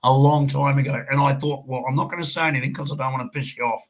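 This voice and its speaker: A man's voice: medium pitch, fairly even intonation, fast, low-quality recording. A man with an Australian accent ranting bluntly and swearing freely in casual chat.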